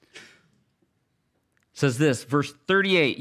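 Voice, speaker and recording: A man's voice: medium pitch, lively intonation, a little slow, a bit bright. Earnest man preaching a sermon. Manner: earnest, conversational with frequent restarts and fillers. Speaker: pastor. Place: church sanctuary.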